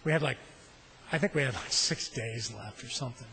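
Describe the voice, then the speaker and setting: A man's voice: mid-range voice, brisk, creaky, pushed and bright, slight background noise, poor audio. A middle-aged man, a state senator, giving a floor speech in a legislative chamber at a floor microphone, telling a rambling, self-deprecating story.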